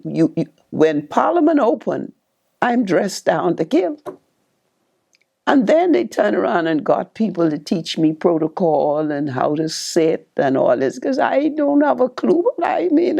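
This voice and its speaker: An older woman, a former politician, telling her life story with animated, repeating speech that leaps up high when she relives excitement. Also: gravelly, breathy edge. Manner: repeats and restarts phrases, addresses listeners directly.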